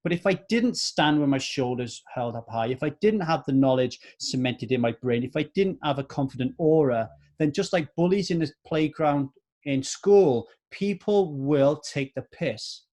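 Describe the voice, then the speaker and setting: A man's voice: fairly high pitch, animated, normal speed, a little mellow. A man in his forties hosting a solo motivational podcast, earnest and repeating points for emphasis. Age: 40s. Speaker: podcast host.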